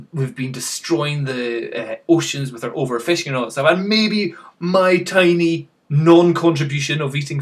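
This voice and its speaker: A man's voice: a little high, a bit bright. A man chatting casually to camera in a rambling, self-mocking way, chuckling at himself. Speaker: vlogger.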